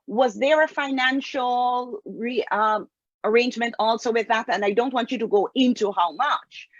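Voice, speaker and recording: A woman hosting an interview, asking careful, deliberate questions. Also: on the high side, no echo. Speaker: interview host. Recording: dull lo-fi recording.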